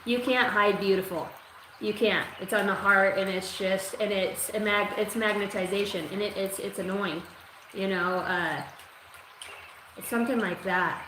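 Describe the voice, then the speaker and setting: A woman's voice: mid-range voice, moderate pace. A woman giving a live-streamed psychic reading, talking in a rambling, profane, streetwise way. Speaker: psychic reader. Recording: echoey room with steady noise.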